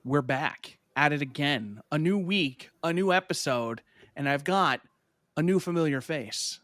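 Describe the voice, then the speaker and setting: A young man hosting a podcast, chatting casually and telling stories with animated voices. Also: on the high side, measured pace, dry recording, clean studio sound. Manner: animated storyteller, acts out voices when retelling. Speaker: podcast host. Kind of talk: casual chat.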